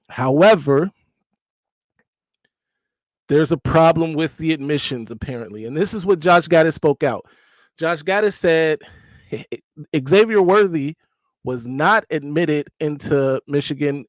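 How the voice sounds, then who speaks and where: Male stream host, slightly high voice, loose and digressive, dry close mic. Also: no echo. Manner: chatty, digressive, joking asides. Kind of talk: casual live-stream commentary.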